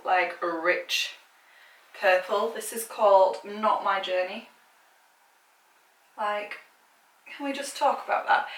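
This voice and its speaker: In a casual makeup swatching chat, a British beauty vlogger speaks with a medium pitch and fairly bright tone. Her gushing, chatty delivery is packed with filler words, captured by a far mic in an echoey space.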